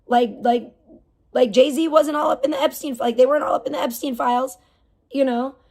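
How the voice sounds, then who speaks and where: A woman's voice: high-pitched, fairly quick, darkish tone. A woman livestreaming and reading her chat, ranting casually with heavy swearing, indignant and rambling. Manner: rambling with fillers and restarts.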